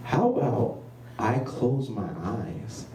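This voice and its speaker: A male comedian voicing his scheming toddler daughter with deadpan, innocent-sounding denials. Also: medium pitch, slow pace, a little hiss or hum, voice pushed up. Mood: sly. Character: sly mischievous toddler girl. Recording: roomy distant stage mic.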